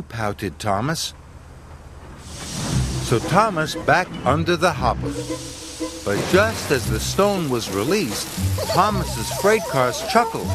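Male narrator, lively pitch, slow measured delivery, loud music under the voice. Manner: expressive and measured. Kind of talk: storybook narration.

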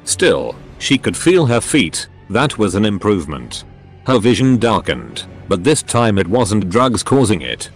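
Lively, low text-to-speech male narrator. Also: a little slow, soft background music. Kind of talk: synthetic voice reading a story.

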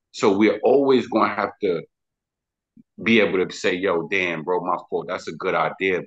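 A Bronx rapper with a New York accent talks through an interview in a loose, slangy, emphatic ramble. His voice sits low and husky. The sound is dull and lo-fi. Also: a bit bright. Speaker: rapper guest. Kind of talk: casual interview talk.

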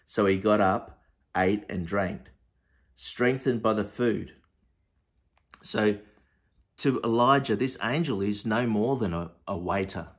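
Man giving a loose, halting Bible talk. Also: on the low side, husky. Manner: conversational, hesitant with many fillers and restarts. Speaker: preacher. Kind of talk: informal Bible teaching.

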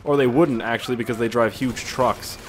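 Excitable man rambling over gameplay. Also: mid-range voice, a little fast, a little hiss or hum. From Canada. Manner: excitable, rambling, swears often. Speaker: gaming YouTuber. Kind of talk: casual gameplay commentary.

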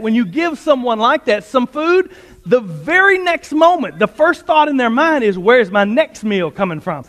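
A man preaching a sermon as pastor, energetic and quick, with joking asides. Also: extremely high pitch. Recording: long hall reverb.

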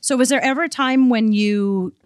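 Podcast host, woman, relaxed and easygoing, dry close sound. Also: a little high, dry recording. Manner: relaxed, quick to laugh, many short replies. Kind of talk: casual interview chat.

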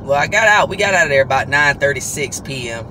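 A woman's voice: rumbling low, expressive, quick pace. A tired woman, worn out after an all-night shift, gives a casual devotional talk to her viewers, chatty and full of "guys" and "you know.". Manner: loose, conversational preaching with repeated "guys" and "you know". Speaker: vlogger hosting a weekly worship talk. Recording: clear traffic noise behind.

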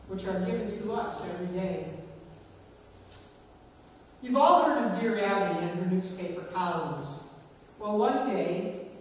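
A woman preaching a sermon in a church, measured and dramatic, with slow emphatic pauses. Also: mid-range voice, a little hiss or hum. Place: large church sanctuary. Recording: echoey church hall, recorded from far off.

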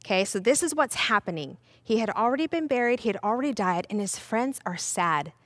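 A young woman teaching a children's Bible lesson, playful and animated, talking straight to the kids. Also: a little high, a little fast, no room sound.

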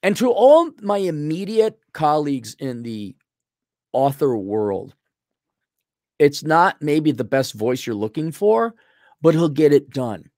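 A man's voice: on the high side, slow pace, no echo, clean studio sound. A middle-aged man ranting bluntly and sarcastically in a vlog monologue. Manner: blunt, sarcastic, animated, mocks others in put-on voices. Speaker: vlogger.

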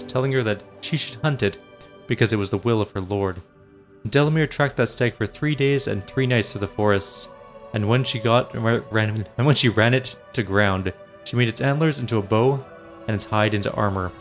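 A man hosting a game playthrough, reading the story text aloud in a steady storytelling way. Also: fairly low pitch, a little fast, faint music behind. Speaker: let's play host.

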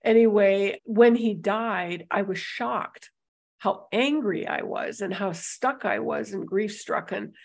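A woman's voice: medium pitch, takes it slowly, gravelly. A woman hosting an interview, speaking reflectively about her own experience. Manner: reflective, then animated and laughing. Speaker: podcast host, interviewer. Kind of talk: casual interview conversation.

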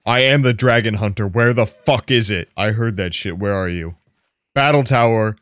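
A young man doing profane gameplay commentary, swinging from low mutters to loud yelps. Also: steady tone, normal speed. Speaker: gaming YouTuber.

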